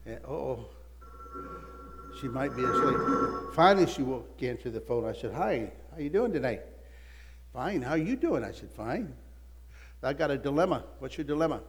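An older man, a literature evangelist, telling a lively personal testimony story that swings between excited outbursts and hushed asides. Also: medium pitch, normal speed, pauses often, heavy background noise. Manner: animated storyteller, voices his wife and prayers, excited swings. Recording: long hall reverb, faint music.

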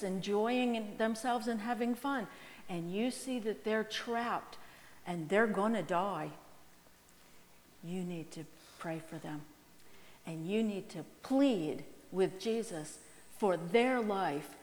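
A woman giving a children's object-lesson sermon, telling a story in a lively way and jumping into high-pitched exclamations when she voices characters. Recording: echoey hall with faint ambience.

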